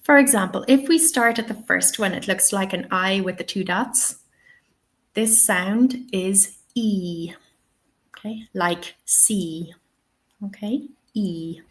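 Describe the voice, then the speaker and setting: In a slow, mid-range voice, an Irish woman leads an online English lesson delivered as a live webinar. She patiently models every vowel sound and explains how each one works.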